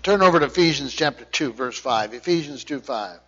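A man's voice: mid-range voice, lively intonation, fairly quick, fairly bright tone. A man preaching a sermon, repeating his points emphatically and checking in with his listeners. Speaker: pastor. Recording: dull lo-fi sound.

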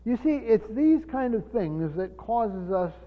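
High-voiced preacher guy teaching scripture, stops and repeats himself a lot, tinny phone-like sound w long echo. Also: very animated. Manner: halting, repeats words, asks the room questions. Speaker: pastor. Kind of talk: Bible study sermon.

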